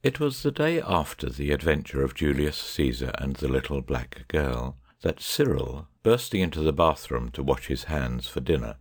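A man narrating an audiobook chapter in a measured, even way. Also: very deep voice.

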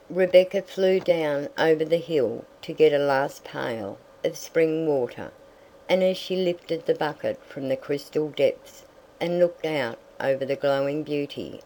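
A narrator reading a classic novel aloud in a measured storytelling manner. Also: medium pitch, warm tone, slight background noise, low-quality recording. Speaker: audiobook narrator. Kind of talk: scripted narration.

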